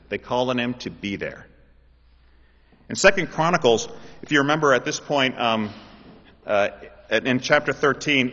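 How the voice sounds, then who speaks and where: A man preaching a sermon in an animated way, building up to loud, emphatic calls. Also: medium pitch. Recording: dull sound with long hall reverb.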